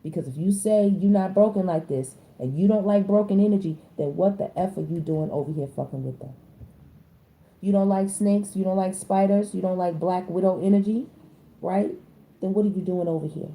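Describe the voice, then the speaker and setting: A woman, doing a casual tarot reading in a blunt, slangy and animated way. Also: moderate pace. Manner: animated, slangy, blunt, with sudden high-pitched exclamations. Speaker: tarot reader.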